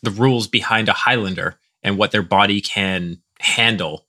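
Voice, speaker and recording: A man's voice: on the low side, moderate pace, sharp tone. A man co-hosting a casual podcast chat, reasoning through ideas methodically. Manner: thoughtful, methodical.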